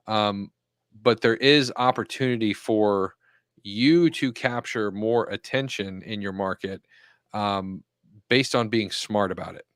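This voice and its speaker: Measured male podcast co-host. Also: lowish voice, fairly bright tone, no room sound, clean studio sound. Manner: measured advice-giving with ums and restarts. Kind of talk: casual podcast chat.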